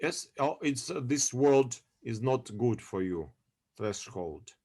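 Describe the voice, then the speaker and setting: A male university lecturer gives an online class over a video call. He speaks slowly and at a middling pitch, pausing often to hunt for English words. He keeps checking that his students follow him. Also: animated, dark tone. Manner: halting, searching for English words, many fillers.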